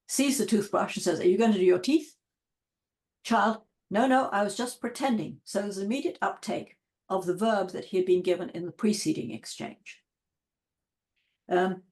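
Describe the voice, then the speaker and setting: An older woman linguist giving an academic lecture over a video call, measured, with frequent ums and restarts. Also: lowish voice, vocal fry, a little mellow. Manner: measured, frequent ums and restarts, reads out child speech examples. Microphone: video call microphone.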